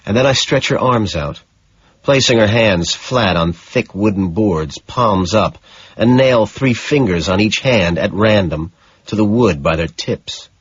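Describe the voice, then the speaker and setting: A man reading an audiobook in scripted narration, slow and matter-of-fact. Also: lowish voice, dull audio, a little hiss or hum.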